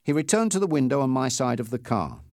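A man's voice: fast talker, dry recording, studio quality. A man narrating a story aloud in the first person. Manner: lively storytelling with wide pitch swings. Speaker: audiobook narrator.

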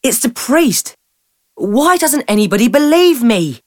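A woman's voice: mid-range voice, big pitch swings, slow, breathy edge, dry recording, clean studio sound, pitched above the performer's own voice, heavily acted. A woman voicing an upset schoolboy who insists he is telling the truth, in a storybook reading. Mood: defensive. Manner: shouting, defensive. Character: upset schoolboy Harry, tired and defensive.

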